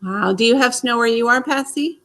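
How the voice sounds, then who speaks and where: Woman, gravelly voice, easygoing, laughs often, casual stream host. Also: a little high, moderate pace, fairly bright tone. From Missouri. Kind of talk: casual chat on a group stream.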